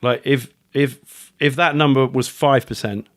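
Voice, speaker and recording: A man's voice: mid-range voice, a little slow. Middle-aged british guy rambling away in a podcast chat, lots of um and like, bit sweary. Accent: British English. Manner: rambling, animated, with fillers and casual swearing. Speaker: guest author. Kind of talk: casual podcast interview.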